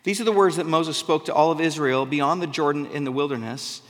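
A man's voice: a little high, steady tone, a little fast. A man giving a sermon, reading scripture aloud and explaining it in casual, conversational asides. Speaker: preacher. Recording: long hall reverb.

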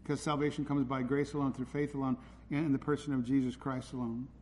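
A man's voice: medium pitch, little pitch movement, fast, a little mellow. A man preaching a sermon in a church, urgent and pleading as he presses his listeners. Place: church hall. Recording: hall reverb with faint ambient noise.

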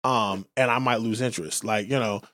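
A man's voice: on the low side, steady tone, a little fast, fairly bright tone. A man in casual crude chat, telling loose stories and acting out what people said. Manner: loose storytelling, acts out quotes. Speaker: podcast co-host.

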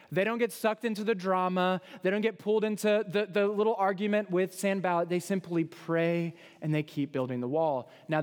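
A man delivers a sermon in an easy, conversational tone, stopping to act out quotes along the way. His voice sits high. Long reverb trails every phrase, as in a large hall. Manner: conversational preaching with fillers and acted-out quotes. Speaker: pastor.

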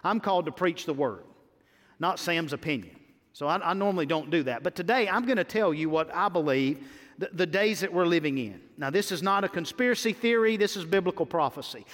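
Pastor guy preaching, folksy, goes big then quiet, high voice, long echo in the church. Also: animated, brisk. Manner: folksy storytelling, dramatic swings between loud and soft. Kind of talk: sermon. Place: church sanctuary. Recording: long hall reverb.

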